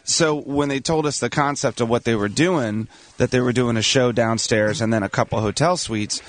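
A man's voice: medium pitch, normal speed, no room sound. A man talking casually as a rock musician guest in a radio studio, joking and telling stories. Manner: joking storyteller, acts out other people in put-on voices.

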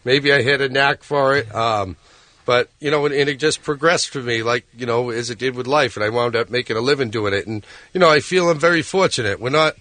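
A man's voice: medium pitch, a little fast, pushed and bright, no echo. A middle-aged man, a fishing boat captain chatting as a radio studio guest, rambling with lots of fillers. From Massachusetts. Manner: rambling, hesitant, many fillers. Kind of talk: casual radio interview.

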